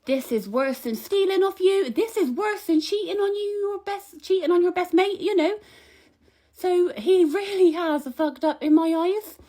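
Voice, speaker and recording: A woman's voice: extremely high pitch, a little slow, mellow. A young woman delivering a comic monologue to camera, chatty, indignant and rambling like she is gossiping. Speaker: comic vlogger.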